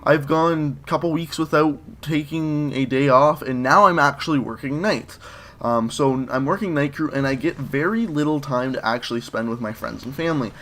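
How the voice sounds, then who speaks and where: A man's voice: on the high side, normal speed, fairly bright tone. A young man talking casually over gameplay footage, rambling with fillers and restarts as he shares his thoughts. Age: young adult. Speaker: gaming commentary host.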